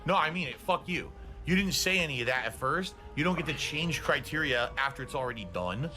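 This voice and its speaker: A man's voice: fairly high pitch, animated, fast, pushed and bright, faint music behind. A middle-aged man live streaming, ranting in a profane, combative, indignant way, winded and out of breath. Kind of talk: ranting livestream talk.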